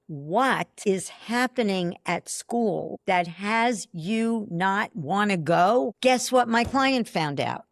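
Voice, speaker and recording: A woman's voice: medium pitch, expressive, gravelly, no room sound, studio quality. An older woman guest on a podcast, telling stories emphatically and acting out the dialogue. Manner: emphatic, acts out dialogue, quick asides. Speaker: podcast guest, belief expert. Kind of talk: animated storytelling in conversation.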